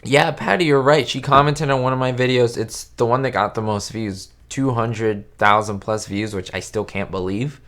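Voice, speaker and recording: A man's voice: medium pitch, steady tone, moderate pace, hardly any pauses, fairly bright tone. A man hosting a casual live stream, chatting with viewers and answering their questions in a rambling way, with lots of fillers and restarts. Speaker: YouTube host answering live chat. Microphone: webcam setup at home.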